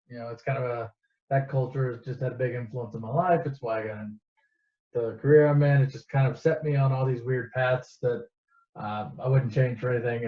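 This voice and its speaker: A man's voice: medium pitch, warm tone. A man casually retelling a favorite movie as a rambling, swearing storyteller, full of asides and restarts. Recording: echoey, dull lo-fi room recording.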